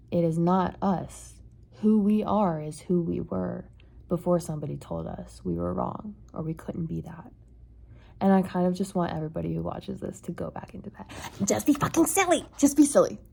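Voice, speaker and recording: Woman, vlogger, reflective monologue, soft and earnest, gravelly fry, warm dark tone. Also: lowish voice, steady tone, moderate pace. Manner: soft-spoken, earnest, frequent "like" and "kind of".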